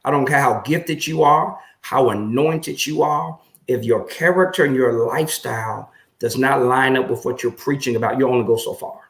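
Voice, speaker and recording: A man's voice: mid-range voice, moderate pace. Earnest male pastor in an echoey room. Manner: earnest, reflective, lively when retelling exchanges. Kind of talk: interview storytelling.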